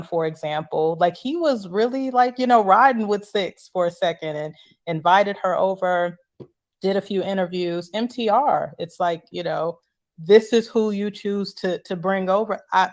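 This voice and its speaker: A panelist with a mid-pitched voice works through a point in a casual, meandering way. The speech is loose and full of fillers and hesitations. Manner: casual, filler-heavy reasoning. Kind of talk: live panel discussion.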